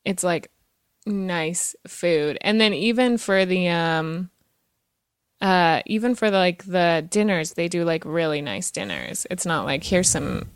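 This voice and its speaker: A woman's voice: on the low side, expressive, measured pace, clear, resonant tone, no room sound, studio quality. A woman hosting a podcast in casual chat, chatty and giggly, with many fillers. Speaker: podcast host.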